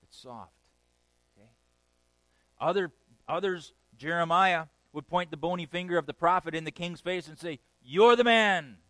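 Male pastor, sermon; dry close sound, lively delivery that swings from loud to hushed. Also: normal speed, pauses often, dry recording, low-quality recording. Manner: animated, swings between loud emphatic peaks and quiet low passages; conversational, checks in with "okay?".

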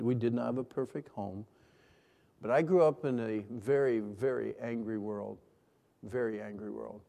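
A middle-aged man preaching a sermon, leading call-and-response and swinging between hushed and loud lines. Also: medium pitch, creaky. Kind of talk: sermon to a congregation. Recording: long hall reverb.

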